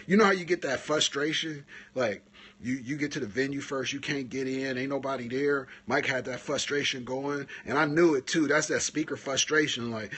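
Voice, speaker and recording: A man hosting a live stream, coaching photographers in a casual, animated talk that climbs higher when he retells stories. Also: moderate pace, breathy edge.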